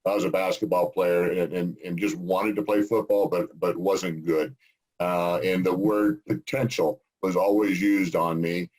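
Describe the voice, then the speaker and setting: A man co-hosting a casual interview, folksy and quick to laugh, stumbling over restarts. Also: low-pitched, fairly even intonation, darkish tone, poor audio. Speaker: co-host, former football player.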